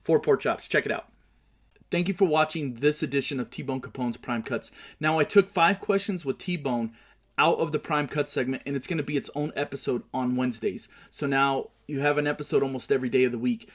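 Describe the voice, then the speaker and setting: A man's voice: mid-range voice, fairly quick. A man hosting his own show, giving casual sports picks and movie talk, swearing and ranting hotly about his team. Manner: profane, heated ranting. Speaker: show host.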